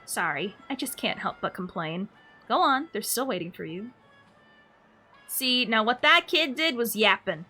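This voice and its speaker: A woman streamer talking offhandedly to her viewers, her voice bright and a little high. Faint music plays under her chat. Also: expressive, a little slow. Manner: chatty, wry and offhand. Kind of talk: casual live-stream chat.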